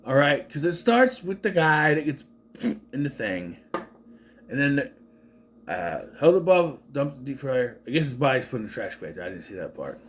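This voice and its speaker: A man giving a casual, profane movie review rant in an exasperated, animated way. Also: mid-range voice, normal speed, a little hiss or hum.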